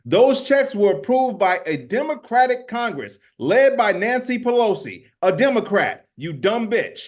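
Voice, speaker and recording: A man's voice: high voice, big pitch swings, a little slow. A man co-hosting a podcast, delivering heated, profane political commentary and repeating words as he gets worked up. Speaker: podcast co-host.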